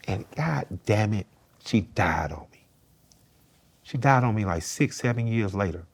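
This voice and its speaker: A man's voice: lowish voice, expressive, unhurried, gravelly, pauses often, slightly rough. A middle-aged man, a guest in an interview, telling a personal story in a plain-spoken, earnest way and swearing casually.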